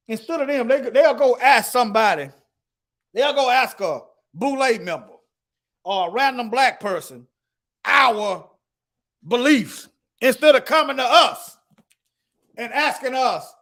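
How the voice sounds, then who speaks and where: Very high-voiced man preaching emphatically. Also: a bit bright. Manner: emphatic, addresses listeners as y'all, reads scripture aloud. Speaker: bible teacher. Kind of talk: preaching to an online audience.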